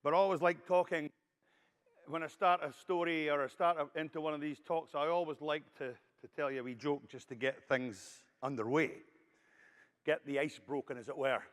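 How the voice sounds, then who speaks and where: A man's voice: on the high side, fairly even intonation, moderate pace. Scottish man telling a joke in a hall. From Scotland. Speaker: keynote speaker. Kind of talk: conference keynote with a told joke. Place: large conference hall. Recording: long hall reverb.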